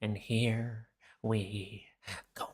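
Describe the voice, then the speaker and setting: A man imitating the Joker as an unhinged male villain, speaking low and slow. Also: flat delivery, a little mellow, slightly rough, heavily acted. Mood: sinister.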